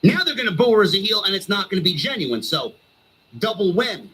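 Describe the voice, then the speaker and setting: A man's voice: sits high, very animated, quick pace, bright, forceful tone, husky, poor audio. A male streamer delivering a heated, sarcastic wrestling rant full of swearing.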